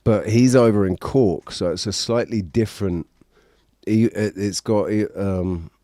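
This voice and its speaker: A man chatting casually as a podcast host, rambling and halting and swearing now and then. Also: fairly low pitch, mellow, no room sound. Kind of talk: casual chat.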